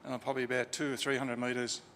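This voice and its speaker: A man's voice: mid-range voice, little pitch movement, fast talker, a bit bright, slight background noise. A man telling a chatty, informal story about a friend at a funeral in a crematorium chapel, with fillers and restarts. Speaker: funeral eulogy speaker. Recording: reverberant chapel, faint ambience.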